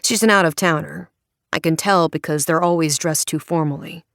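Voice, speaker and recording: A woman's voice: low voice, moderate pace, gravelly, fairly bright tone, no room sound, clean studio sound. Wry woman narrating an audiobook. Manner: wry, sardonic storytelling. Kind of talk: first-person audiobook narration.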